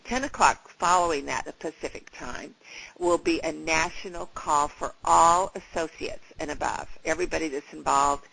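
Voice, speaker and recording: A woman with a gravelly morning voice leading a sales training over a phone conference call, upbeat and enthusiastic and loosely rambling. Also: sits low, moderate pace, fairly bright tone, low-quality recording. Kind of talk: motivational training talk. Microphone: phone line into a conference call.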